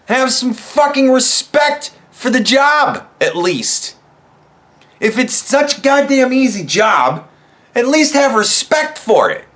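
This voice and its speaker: Foul-mouthed ranting man, high animated voice. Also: takes it slowly. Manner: angry, swearing constantly, mocking. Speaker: podcast host. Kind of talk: profane political commentary rant.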